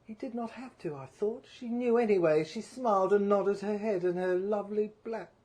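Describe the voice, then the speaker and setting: A woman reading a first-person story aloud, measured and deliberate. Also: mid-range voice, dark tone. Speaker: story reader.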